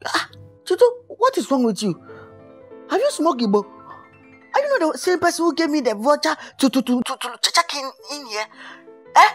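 A man's voice: very high voice, normal speed, long pauses, exaggerated voice. A man with a Nigerian accent playing a heartbroken young musician who is dramatic and whiny, in a Nollywood film. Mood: exasperated. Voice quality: excitable, wailing, melodramatic. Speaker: actor. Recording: light background music.

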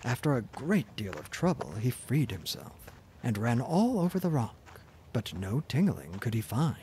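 A man narrating a fairy tale in a soft, gentle, expressive reading voice. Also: medium pitch, moderate pace, a little hiss or hum. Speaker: storyteller.

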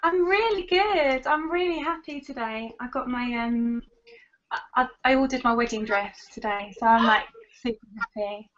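An actress from England, chatting casually in an interview, giggly and full of ums. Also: female voice, on the high side, moderate pace, fairly bright tone, dull audio. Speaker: actress and web content creator.

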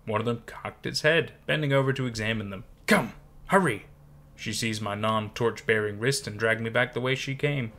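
Bright-voiced man narrating horror. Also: lowish voice, brisk, hardly any pauses. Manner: dramatic, suspenseful reading.

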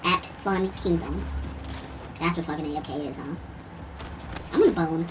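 A woman's voice: fairly low pitch, moderate pace, background noise, close to an everyday voice. A woman voicing a grumpy, foul-mouthed pit bull puppy playing a shooter game, whining and complaining as she plays. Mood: grumbling. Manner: whiny, cursing, complaining. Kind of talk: gaming commentary in character. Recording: distant voice under loud gunfire.

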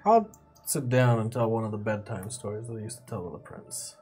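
A man's voice: fairly low pitch, lively intonation, brisk, a little mellow, slight background noise. Man playing a tabletop character. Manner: mixes casual talk with formal in-character lines. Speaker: player. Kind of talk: casual in-character play.

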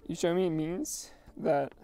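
Young guy reading wedding vows, teary and nervous-laughing, warm low-key voice. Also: fairly even intonation, unhurried, clean tone. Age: young adult. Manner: emotional, laughing nervously between lines. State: tearful. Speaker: groom.

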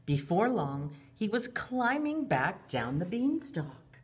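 This preschool teacher takes her time, her mid-range voice very animated as she reads a story and guides young children through a lesson. The woman speaks in a lilting, sing-song style and talks about herself in the third person by name.

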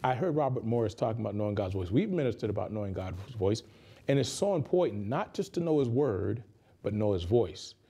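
A man's voice: fairly low pitch, animated, brisk, mellow, slightly rough. A male pastor giving a conversational sermon in a radio studio, repeating phrases for emphasis.

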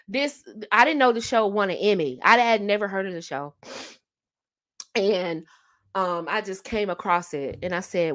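A woman's voice: mid-range voice, expressive, a little slow, fairly bright tone. A woman hosting a casual advice talk on dating, emphatic and fond of repeating her key phrases with rhetorical asides. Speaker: host giving dating advice.

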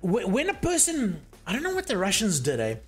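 A man's voice: high-pitched, huge pitch swings, a little fast, breathy edge, faint music behind. A man chatting casually and teasingly on a live stream, swearing freely while working on hardware.

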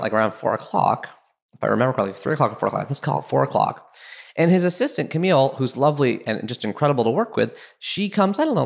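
Chatty excitable male podcast host. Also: mid-range voice, vocal fry. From Canada. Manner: excitable, chatty, self-deprecating, many fillers. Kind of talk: casual storytelling intro.

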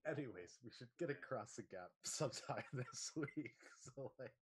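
A man playing in a tabletop role-playing game, rambling and laughing as he pitches ideas. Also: moderate pace, slightly rough. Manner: rambling, laughs often, animated. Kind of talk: casual chat at a tabletop game.

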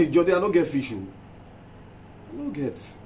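In a comedy skit, a man with a Nigerian accent plays a broke character who stammers while pleading with a friend. His voice is a little high and sing-song at a moderate pace, with crowd noise around him. The tone is pleading, and the recording sounds like an echoey room captured by a distant mic with background noise.

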